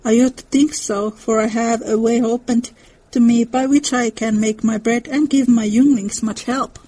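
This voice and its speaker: A woman reading aloud, voicing an earnest, gentle German professor who speaks with formal, halting phrasing. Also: fairly high pitch, steady tone, lightly acted, poor audio.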